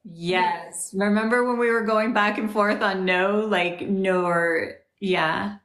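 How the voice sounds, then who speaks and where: A woman's voice: medium pitch, steady tone, slow, a bit bright, roomy sound. A married woman co-hosting a witchcraft live stream, chatty, encouraging and teasing. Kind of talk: casual live-stream chat. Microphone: phone on a live stream.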